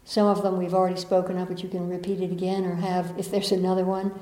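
A woman, leading a group workshop in a room and moving from playful asides to slow, soothing guidance. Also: fairly low pitch, monotone, mellow. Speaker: workshop facilitator. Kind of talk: guided group workshop talk. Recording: echoey room.

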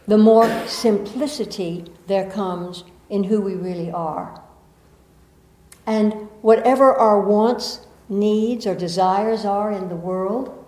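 In an echoey room, a middle-aged spiritual teacher with a Southern American accent speaks earnestly and reflectively to an audience, adding playful asides. Her voice has a medium pitch and a dark tone.

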